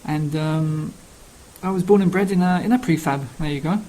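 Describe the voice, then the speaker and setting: A man's voice: a little high, normal speed, dark tone, a little hiss or hum, rough recording. A man with a Cockney London accent introducing himself casually, rambling with many ums and uhs. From England. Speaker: language learning speaker.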